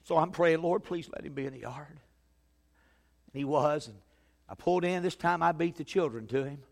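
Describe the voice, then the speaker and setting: A fairly high-voiced man preaches in a church, telling his story with big swings between loud, urgent passages and hushed, quiet ones. His voice rings with a long reverb from the sanctuary around him. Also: normal speed, creaky. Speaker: pastor. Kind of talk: sermon.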